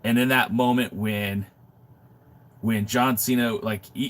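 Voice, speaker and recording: A middle-aged man from Southern California talks in a fairly low voice, sounding under the weather with a sore throat and runny nose. He chats casually on a live stream through a webcam mic in a makeshift home studio, often restarting and reflecting as he goes. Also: fairly even intonation, unhurried. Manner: conversational, with frequent restarts and reflective asides. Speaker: wrestling podcast co-host.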